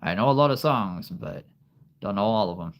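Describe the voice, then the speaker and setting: A man's voice: on the low side, expressive, moderate pace. A man hosting a live stream, chatting casually with viewers, laughing often and answering their questions. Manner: laughs often, easygoing, reads and answers chat. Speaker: livestream host.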